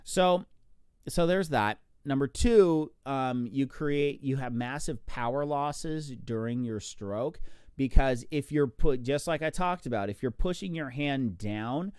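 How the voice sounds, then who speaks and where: A man coaching swimming in a chatty, animated way, counting out strokes as he explains breathing technique. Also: mid-range voice, unhurried, clean tone, no echo, clean studio sound. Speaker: swim coach. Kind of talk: casual instructional talk.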